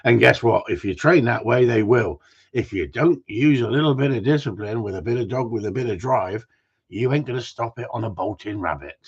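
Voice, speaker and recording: Blunt husky-voiced man ranting. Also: mid-range voice, fairly quick, muffled recording. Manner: blunt and ranting, with mild swearing. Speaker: gundog trainer. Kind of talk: casual livestream chat.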